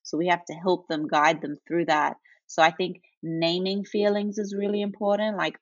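A woman's voice: lowish voice, fairly even intonation, moderate pace, few pauses, no echo. A woman guest in a casual parenting interview, earnest and explanatory. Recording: dry, dull lo-fi remote line.

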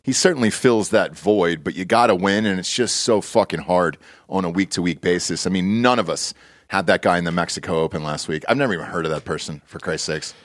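A man's voice: low-pitched, brisk, dry recording, studio quality. A man hosting a casual golf betting podcast, joking and swearing as he talks. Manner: profane, joking, animated. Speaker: podcast host.

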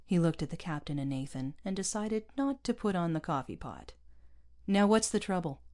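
A woman narrating an audiobook in an even, measured storytelling way. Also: sits low.

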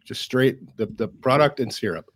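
A man's voice: medium pitch, lively intonation, moderate pace. A man in casual podcast chat, blunt and offhand, who swears freely. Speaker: podcast co-host.

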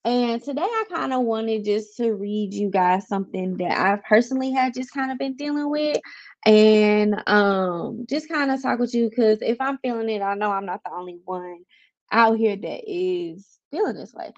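A woman hosting a casual personal podcast shares things candidly and now and then reads book passages aloud, talking at a normal speed in a middle pitch. The sound quality is slightly dull and lo-fi.

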